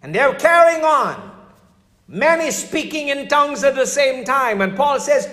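An older man preaching as a pastor, telling stories in a conversational way and dropping his voice for emphasis. His voice sits fairly high for a man. The sound rings with long reverb, as if in a large hall. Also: lively intonation, a little slow, bright, forceful tone. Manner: storytelling, conversational preaching with dramatic drops in voice. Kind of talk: sermon.

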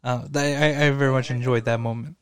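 A man co-hosting a podcast, talking casually and excitably, swearing and laughing as he goes. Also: medium pitch, brisk, clean tone, dry recording, clean studio sound. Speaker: podcast co-host. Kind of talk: casual chat.

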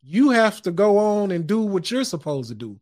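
Male podcast host, high voice, casual preachy monologue, chuckles and cusses freely. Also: very animated, normal speed, darkish tone. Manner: loose, preachy, chuckles often, curses casually. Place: home studio.

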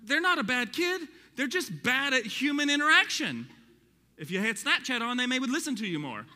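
Bright, high-voiced preacher in a hall. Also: male voice, fairly quick. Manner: animated, joking asides to congregation. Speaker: pastor. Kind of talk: sermon. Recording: reverberant hall.

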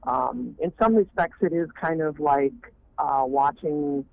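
Male indie filmmaker on a phone line, higher voice, rambling with fillers. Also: expressive, measured pace, creaky, dry recording. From Maine. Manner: rambling, many fillers and restarts. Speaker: fan film director. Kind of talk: casual interview talk.

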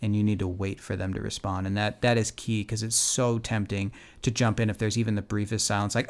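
A man's voice: fairly low pitch, fairly even intonation. Earnest male podcast co-host giving advice. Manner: earnest, repeats his key point, halting restarts. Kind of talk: casual advice chat.

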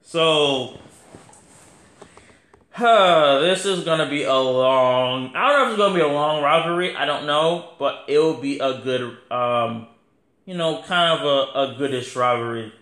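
A man's voice: on the high side, moderate pace, a bit bright, reverberant. A man hosting his podcast, giving a casual, rambling wrestling review full of slang and fillers. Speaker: podcast host.

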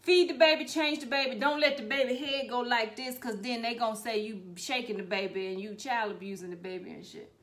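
A middle-aged woman telling a comic family story, profane and animated, with sudden loud bursts. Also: a little high, fairly quick, few pauses. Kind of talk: comedic storytelling.

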